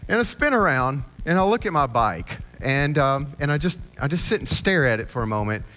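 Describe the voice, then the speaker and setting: A man giving a personal storytelling talk on stage, rambling and halting, with self-deprecating humor. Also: fairly high pitch, very animated, pushed and bright. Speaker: conference speaker. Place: on stage before an audience.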